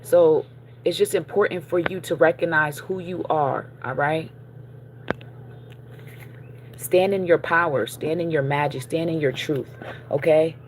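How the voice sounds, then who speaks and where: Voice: medium pitch, steady tone, a little slow, pauses often, a little hiss or hum. Chatty, encouraging tarot reader voice. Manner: encouraging, checks in with listeners with frequent "okay?" and "all right?"; loose and chatty, with fillers and self-corrections. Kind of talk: casual spiritual card reading.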